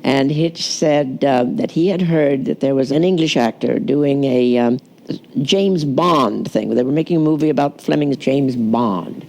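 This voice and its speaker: A man's voice: medium pitch, a little slow, vocal fry, darkish tone. A man interviewed for a documentary, chatty, telling stories with fillers and restarts. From Texas, USA. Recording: music playing under the voice.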